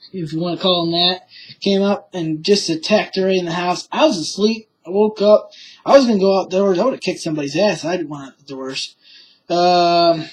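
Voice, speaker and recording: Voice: mid-range voice, low-quality recording. A young adult telling a personal story in a casual, rambling way, swearing often and stumbling through fillers and restarts.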